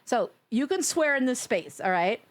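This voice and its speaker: Woman streamer, fairly high voice, playful, teasing, laughs a lot, casual chat. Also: sing-song, normal speed. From New York. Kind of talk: casual live-stream chat while gaming.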